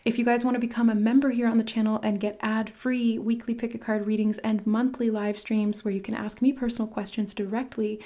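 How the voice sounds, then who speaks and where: Woman host, gushing spiritual tarot reader, dips into whispers, mellow tone. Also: fairly high pitch, flat delivery, brisk, few pauses. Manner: earnest, gushing, whispers for emphasis. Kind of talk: casual spiritual reading to camera.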